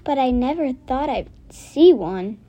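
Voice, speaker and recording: Woman reading awestruck little girl, hushed and breathless, high voice, storybook. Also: expressive, unhurried. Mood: awed.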